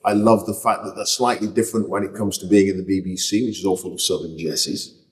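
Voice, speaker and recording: A man's voice: low voice, steady tone, quick pace. Northern English man, roomy and distant. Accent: northern English, Lancashire. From Bolton, England. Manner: chatty, many restarts and self-corrections. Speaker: interview guest. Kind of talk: relaxed reflective conversation.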